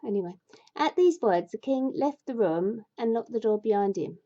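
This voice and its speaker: A woman's voice: fairly high pitch, lively intonation, normal speed, mellow. A woman reading a fairy tale aloud, breaking off into exasperated, sweary asides, with a dull lo-fi sound. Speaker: storyteller.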